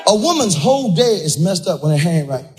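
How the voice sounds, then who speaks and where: A man doing stand-up in a loud, exclaiming way. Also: high voice, sing-song, fast talker. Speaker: stand-up comedian. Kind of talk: stand-up routine. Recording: live room with crowd noise.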